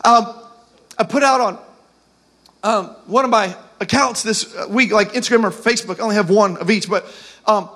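High-voiced preaching male pastor. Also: normal speed, pauses often. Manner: preaching with rising shouts and call-and-response urging. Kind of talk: sermon. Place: church service.

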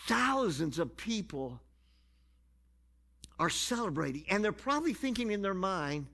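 A man preaching a sermon, stretching key phrases and building up to shouted passages. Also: sits high, very animated, vocal fry. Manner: drawn-out emphatic phrasing.

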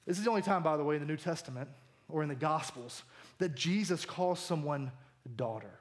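Animated guy preaching, high voice, jokes around and acts out the quotes. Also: fairly quick. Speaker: pastor. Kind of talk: sermon.

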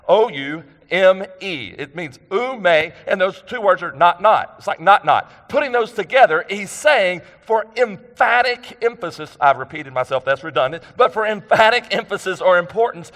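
A man's voice: sits high, a bit bright. Preaching man in a reverberant hall. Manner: conversational preaching with rhetorical questions and repetition. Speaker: pastor. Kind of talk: sermon.

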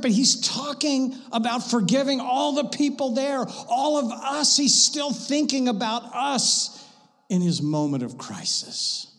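A man preaching a sermon to his church, swinging from loud passionate bursts to hushed, intimate lines. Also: very high-pitched, animated, measured pace, big-room sound. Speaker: pastor. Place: church sanctuary.

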